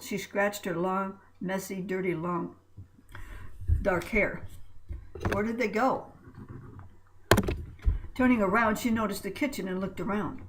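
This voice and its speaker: A woman's voice: medium pitch, low-quality recording. A woman narrating a story aloud, reading with small slips and restarts.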